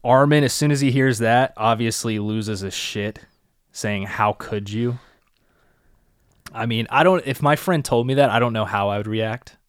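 A man's voice: medium pitch, normal speed, clean tone, no room sound, clean studio sound. A young man co-hosting a podcast, casually recapping an anime episode and thinking aloud. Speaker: podcast co-host.

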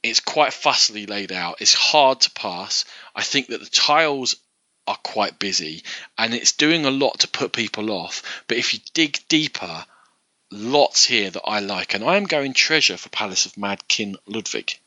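Bright, animated man giving opinions. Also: fairly low pitch, moderate pace, no echo. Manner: opinionated, talks through his changing view of a game. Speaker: podcast co-host. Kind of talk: casual chat reviewing board games.

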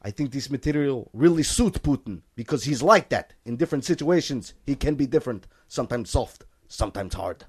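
A man's voice: medium pitch, lively intonation, fairly quick, few pauses, breathy edge. A man doing a stern Russian-accented reader. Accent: put-on Russian.

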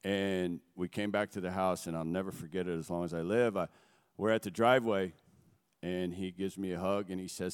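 A middle-aged man giving an earnest, halting personal testimony from a stage before a gathering. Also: low voice, steady tone, clear, resonant tone. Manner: earnest, halting, emotional storytelling. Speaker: guest speaker. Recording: long echo of a large hall.

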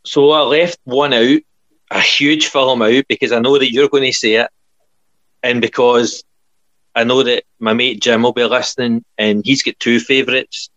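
A man's voice: medium pitch, steady tone, moderate pace, a bit bright, no room sound. A man, chatting eagerly about films he loves. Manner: enthusiastic, laughs often, says aye. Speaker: podcast co-host. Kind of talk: casual chat. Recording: dull lo-fi dry sound.

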